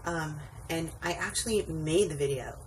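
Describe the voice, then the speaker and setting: Her voice sits low and moves at normal speed as she, a weary rideshare driver, wanders through a story late at night for her vlog, with plenty of ums and asides. She's indoors at home perched on a wobbly stool, recorded by a distant mic with faint background noise.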